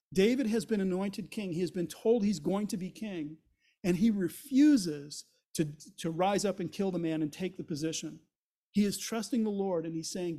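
A man's voice: sits high, moderate pace, dark tone. A man teaching through a Bible chapter as a pastor, retelling the story and paraphrasing the characters' words in everyday speech.

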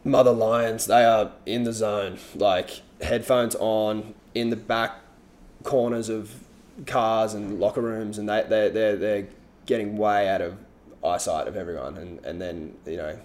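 A man chatting casually about competition surfing, relaxed and rambling, with frequent restarts. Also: lowish voice, a little slow. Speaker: surf analyst guest. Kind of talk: casual podcast chat.

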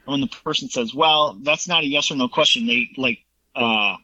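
A man's voice: medium pitch, normal speed, bright, forceful tone, dry recording. A man in casual political chat, opinionated and retelling exchanges at length. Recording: dull lo-fi sound.

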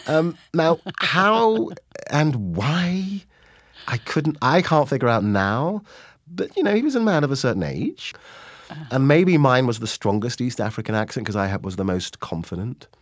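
A man, an actor, answering interview questions with animated stories, acting out quoted lines as he goes. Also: mid-range voice, a little slow, no echo, clean studio sound.

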